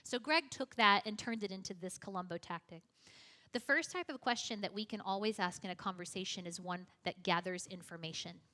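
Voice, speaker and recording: A woman's voice: medium pitch, fairly quick, pushed and bright. A young woman giving a conversational teaching talk, chatty and self-deprecating, with frequent casual asides. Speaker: youth apologetics teacher.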